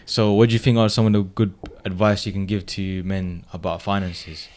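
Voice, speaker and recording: A man's voice: low-pitched, little pitch movement, moderate pace, darkish tone. A man, co-hosting a casual podcast, easygoing, moving the talk along with tag questions. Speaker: podcast co-host. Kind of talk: casual chat.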